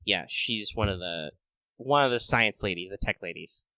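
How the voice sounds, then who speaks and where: A man co-hosting a casual gaming chat, talking in an animated way with lots of swearing and quick impressions. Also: on the low side, no echo. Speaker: podcast co-host.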